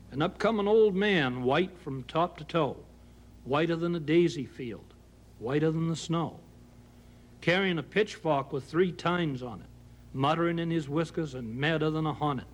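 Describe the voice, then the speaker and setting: A man's voice: a little high, unhurried. Folksy Maine man reciting a tall tale. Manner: folksy down-east drawl, acts out characters. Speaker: storyteller. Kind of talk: reciting a humorous narrative poem. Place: home kitchen.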